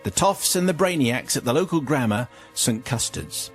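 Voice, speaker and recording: An English radio host reading out a listener's letter, telling it playfully and breaking off for jokey asides. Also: male voice, medium pitch, expressive, moderate pace, loud music behind the voice.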